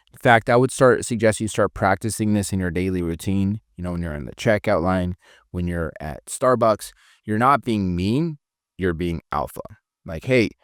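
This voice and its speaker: A man's voice: on the low side, dry recording, clean studio sound. A man giving a casual spoken sales training lesson, often restarting phrases and demonstrating intonation.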